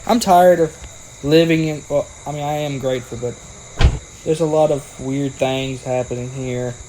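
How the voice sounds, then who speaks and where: A man's voice: mid-range voice, steady tone, a little slow, mellow, a little hiss or hum, poor audio. A young man giving casual, playful commentary over a video game and joking with the characters on screen. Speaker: gaming video creator.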